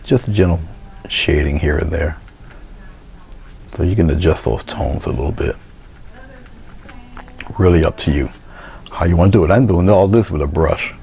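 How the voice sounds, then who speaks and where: Relaxed male art teacher, deep and gravelly, narrating his brushwork in a studio, faint background hiss. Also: normal speed, pauses often. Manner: relaxed, talks through each step, trails into quiet asides. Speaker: painting instructor. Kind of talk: casual painting demonstration. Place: indoor studio.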